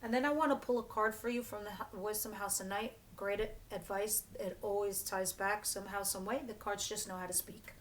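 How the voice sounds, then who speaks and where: A woman's voice: mid-range voice, fairly even intonation, fairly quick, hardly any pauses, heavy background noise. A woman doing a casual tarot reading for her channel, chatty and blunt, often restarting her phrases. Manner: chatty and blunt, with filler words and self-corrections. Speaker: tarot reader.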